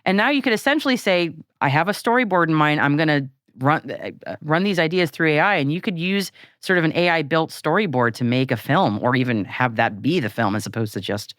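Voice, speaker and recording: A woman co-hosting a podcast in casual chat, animated and laughing often, with frequent restarts. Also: low voice, brisk, few pauses, no echo, clean studio sound. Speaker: podcast co-host.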